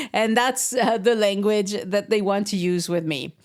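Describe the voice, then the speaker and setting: A woman's voice: medium pitch, a little slow. Woman hosting a podcast. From France. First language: French. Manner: relaxed and conversational, with light laughs. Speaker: podcast host. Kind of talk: solo podcast commentary.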